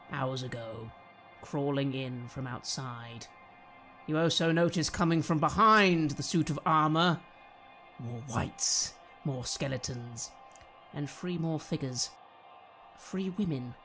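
A man narrating a tabletop horror game as game master, slow and dramatic. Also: fairly high pitch, a bit bright.

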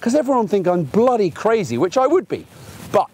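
A middle-aged man teaches a puppy outdoors, talking in a relaxed, chatty way. He leans on homely everyday examples to make each point. His voice sits a little higher than most men's. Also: a little fast, husky. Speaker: gundog trainer. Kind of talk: outdoor training demonstration. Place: outdoors in a field by a fence.

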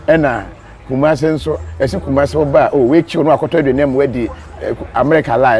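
A man's voice: on the high side, quick pace, mellow. A man with a Ghanaian accent hosting a live stream, reading viewer comments and joking, switching between Twi and English. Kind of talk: casual chat.

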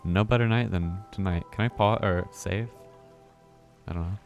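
A male streamer talks through his game in a low, deep voice. He mutters to himself and swears loudly when something startles him. Soft music plays faintly underneath. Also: normal speed, gravelly, lo-fi sound. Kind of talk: live gameplay commentary.

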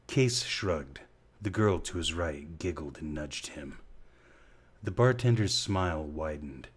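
A man reading a novel aloud as an audiobook narrator, in a slow, measured way. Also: rumbling low, animated, breathy edge. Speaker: audiobook reader.

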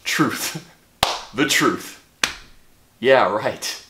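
A man vlogging an emotional confession, halting and wavering, often dropping to a whisper. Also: mid-range voice, animated, reverberant, noisy background.

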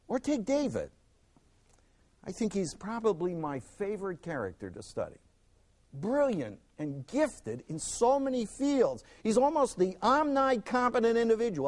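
A male Bible teacher with a fairly high voice that leaps and dips all over as he teaches. He swings from loud emphasis down to a near hush and acts out the people in his stories. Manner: acts out quoted speakers in the stories. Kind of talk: Bible lesson.

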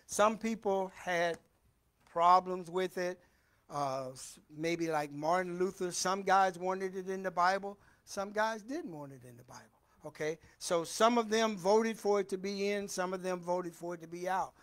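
High-voiced man preaching in church. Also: measured pace, a bit bright. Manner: reads scripture aloud with emphasis, then talks loosely to the congregation. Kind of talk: Bible teaching sermon. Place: church hall.

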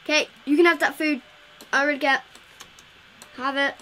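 A woman's voice: high-pitched, steady tone, moderate pace, bright, forceful tone, slight background noise. A woman giving casual, playful commentary while playing a video game, chatting to the characters on screen. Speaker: gameplay video host.

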